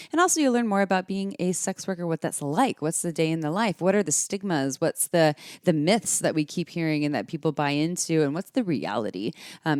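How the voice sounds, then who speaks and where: A woman's voice: low voice, a little mellow, no echo, studio quality. A woman in her thirties hosting a podcast, chatting casually and playfully, often laughing. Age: 30s. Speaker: podcast host.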